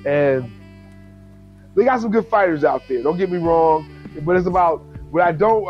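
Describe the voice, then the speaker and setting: A man in casual chat about fights, animated and profane, often acting out quotes. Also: sits high, highs cut off.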